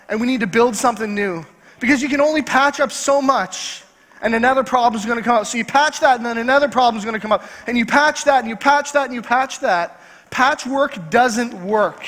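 A male pastor preaching a sermon in a church, driving points home by repeating key phrases slowly. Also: very high voice, fairly bright tone. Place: church sanctuary. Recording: long church hall reverb.

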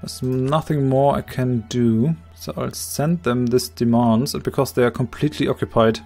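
A man with a slightly hoarse voice calmly explaining his moves, thinking aloud in a strategy game let's play. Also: mid-range voice, moderate pace, soft background music. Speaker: game commentator.

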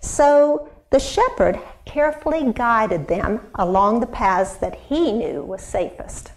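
A woman's voice: on the high side, slow. A woman Sunday school teacher, expressively telling a Bible story to children and asking them questions. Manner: animated, expressive, asks the kids questions.

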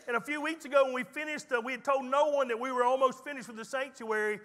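Bright-voiced high pastor preaching. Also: male voice, steady tone, quick pace, in a large hall. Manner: folksy storytelling preacher with teasing humor. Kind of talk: sermon. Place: church sanctuary.

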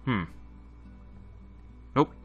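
A man's voice: drawn-out words, dull audio, soft background music. A man giving casual let's play commentary, thinking aloud and chatting to his viewers. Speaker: gaming channel host.

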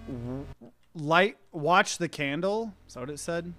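Woman horror streamer, bright slow voice, easily spooked, loud cursing shrieks. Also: sits low, expressive, soft background music. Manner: jumpy, shrieks and swears at scares. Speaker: gaming streamer. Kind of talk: horror game let's play reactions.

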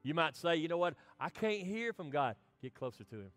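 A middle-aged man preaching a sermon as pastor, swinging between impassioned lines and soft, hushed ones. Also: fairly high pitch, animated, fairly quick, soft background music.

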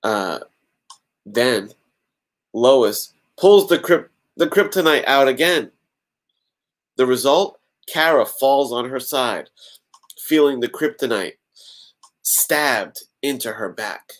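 A man's voice: mid-range voice, lively intonation, slow, long pauses. Man reading a story with joking asides. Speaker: podcast host. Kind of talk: reading a fan-written story aloud.

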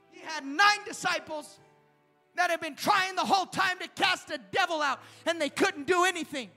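A man preaching a live sermon in a church, impassioned and often shouting, at times dropping to a hush. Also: extremely high pitch, unhurried, pauses often. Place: church sanctuary during a live service. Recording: long hall reverb with faint music.

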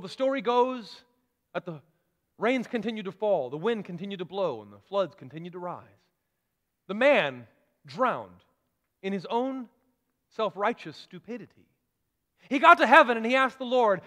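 High-voiced pastor preaching in a reverberant church. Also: male voice, lively intonation, normal speed, a bit bright. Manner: preacherly, rising to emphatic declarations. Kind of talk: sermon.

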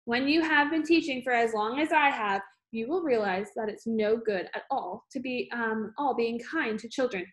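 A woman's voice: on the high side, normal speed, a bit bright, lightly acted. A woman reading aloud, voicing a bullying, scornful headmistress with a harsh, barking manner.

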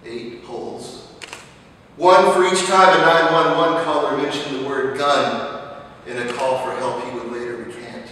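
A young man, a seminary student, preaching a dramatic sermon in a chapel, slow and impassioned, repeating his questions, swelling loud and then dropping to a hush. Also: medium pitch, steady tone, slight background noise. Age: young adult. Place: large chapel. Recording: echoey chapel, mic far off.

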